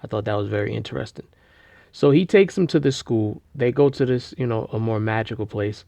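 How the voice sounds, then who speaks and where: A man casually retelling a story, rambling with slang, fillers and restarts, and getting loud and animated at the big moments. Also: on the low side, a little fast, creaky, no room sound. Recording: dull lo-fi recording.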